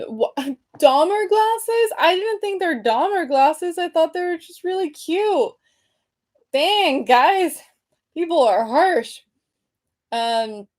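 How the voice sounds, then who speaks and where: Her voice is high-pitched yet darkish in tone. She's a woman in her thirties hosting a casual livestream from home at her desk, using the webcam mic on her computer and stumbling through comments aloud with lots of ums and restarts.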